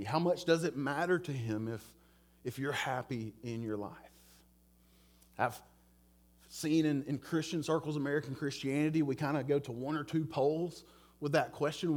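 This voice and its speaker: A middle-aged man, preaching a sermon in a conversational, earnest way, telling a personal story and asking listeners direct questions. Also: a little high. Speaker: pastor.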